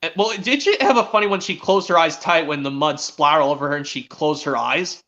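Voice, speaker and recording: A man hosting a stream, chatting excitedly as a fan and rambling with frequent restarts. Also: on the high side, brisk. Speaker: stream host. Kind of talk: casual fan chat. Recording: dull lo-fi stream audio.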